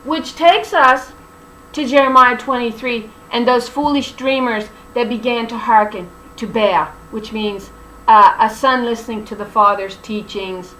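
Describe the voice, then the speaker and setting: A woman's voice: a little high, unhurried, pushed and bright. A woman teaching scripture in an emphatic preaching style, mixing colloquial, sarcastic asides into her reading. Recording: echoey room with faint hum.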